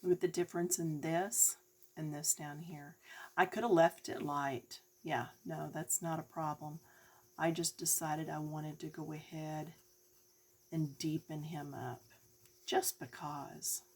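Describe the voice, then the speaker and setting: A woman's voice: deep voice, steady tone, unhurried, a little mellow, husky. A woman giving a chatty coloring lesson, talking directly to her viewers. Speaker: coloring tutorial host.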